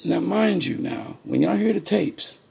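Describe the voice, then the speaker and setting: Gravelly-voiced man addressing viewers directly. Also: high voice, fairly even intonation, measured pace, a little mellow. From Ohio, USA. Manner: emphatic and repetitive, addresses viewers as "people". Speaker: parent telling his story to viewers. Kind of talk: casual direct-to-camera monologue.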